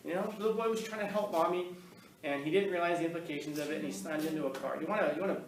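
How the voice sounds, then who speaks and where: A man's voice: fairly high pitch, quick pace, far from the mic, a little hiss or hum. Chatty man talking in an echoey room. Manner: rambling, conversational, with frequent laughs and restarts. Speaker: speaker giving a talk. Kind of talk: casual storytelling talk to an audience. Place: room with an audience, recorded on camera. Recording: echoey room, voice from off-mic, faint ambience.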